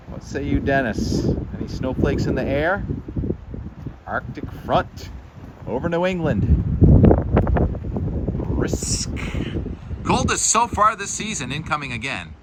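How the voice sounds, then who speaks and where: A man who is a meteorologist, talking casually while walking his dog outdoors, narrating the sky and chatting to his pet. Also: mid-range voice. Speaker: meteorologist and vlog host. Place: outdoors on a windy coast. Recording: loud wind noise on the mic. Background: wind.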